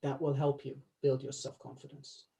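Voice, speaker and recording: A male life coach giving a coaching talk to a small group, instructive, slowing down to stress key words and laughing easily. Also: medium pitch, level tone, vocal fry, warm tone, poor audio.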